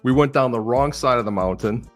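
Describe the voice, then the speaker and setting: A man of middle pitch tells stories over a video call, jumping into other people's voices as he retells what they said. His talk is loose and salty, like banter at a bar. The feel is an easygoing live-stream hangout. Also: a little fast, soft background music. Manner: animated storyteller who acts out other people's lines. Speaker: stream co-host. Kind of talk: casual live-stream chat.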